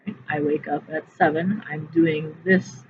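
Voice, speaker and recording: A woman's voice: low voice, fairly even intonation, measured pace. A woman Spanish teacher reading her lesson slides aloud, explaining grammar step by step and spelling words out letter by letter. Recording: tinny phone-like audio with faint hiss.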